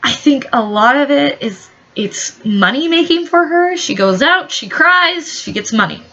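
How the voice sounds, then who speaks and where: Woman vlogger, high sharp voice, profane sarcastic rant, dull lo-fi audio. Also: lively intonation, a little slow. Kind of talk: ranting commentary vlog. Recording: dull lo-fi recording.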